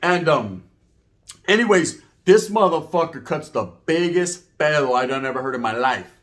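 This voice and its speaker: A man's voice: on the high side, expressive, moderate pace, noisy background. A man telling a rambling, profane story in heavy street slang, tagging lines with "right?". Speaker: storyteller recounting prison life. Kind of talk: casual storytelling.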